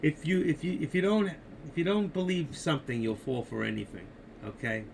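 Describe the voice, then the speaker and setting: Gravelly older man rambling on a stream. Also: fairly high pitch, normal speed, slight background noise. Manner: rambling, opinionated, talks to viewers directly. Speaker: live stream host. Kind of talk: casual live-stream chat about markets.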